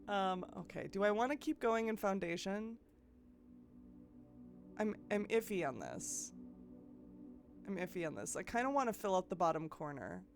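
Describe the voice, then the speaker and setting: A woman streaming a puzzle game live, thinking aloud and chatting with her viewers, with frequent restarts. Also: mid-range voice. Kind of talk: live gameplay commentary.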